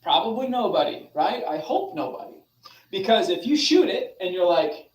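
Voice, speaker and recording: A young adult man coaching a group over a video call, animated and demonstrative, talking straight to his listeners. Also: high voice, normal speed, echoey room, far from the mic, low-quality recording. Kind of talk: motivational online session.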